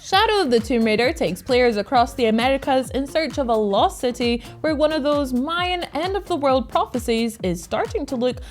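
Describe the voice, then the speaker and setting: Lively high-voiced woman presenting game news. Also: normal speed, hardly any pauses. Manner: lively, upbeat, laughs easily. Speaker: co-host of a gaming news show. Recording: faint music behind.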